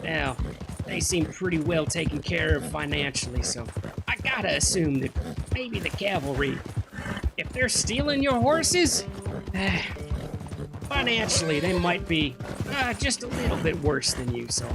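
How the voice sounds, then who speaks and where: A man playing a gruff, boastful male outlaw cowboy with a swaggering drawl. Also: on the high side, very animated, unhurried, loud music behind the voice, heavily acted.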